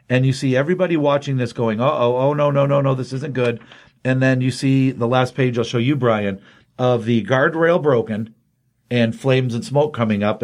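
A male comics podcast host walks through a plot in loose, rambling chat full of fillers. His voice sits at an average pitch, and his energy is easygoing and enthusiastic.

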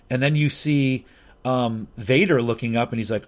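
A man's voice: medium pitch, steady tone, fairly quick. Man, comic reviewer, loose rambling delivery, filler-heavy, mid-range voice. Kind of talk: casual comic book review.

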